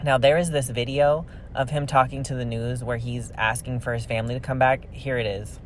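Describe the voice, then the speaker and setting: A man tells a true crime story in a loose, chatty way. He sounds opinionated and animated, and his voice sits in a middle range. A faint hum of ambience sits behind him. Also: mid-range voice, fairly quick. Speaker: card-opening vlogger telling a true crime story. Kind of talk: casual storytelling narration.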